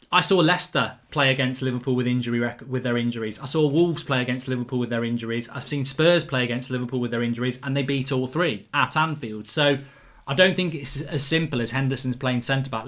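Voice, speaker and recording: A middle-aged man hosts a casual football fan stream, reading out viewers' comments and answering them in an animated, excitable way, swearing freely and often restarting his sentences. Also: medium pitch. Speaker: football fan channel host reading live chat.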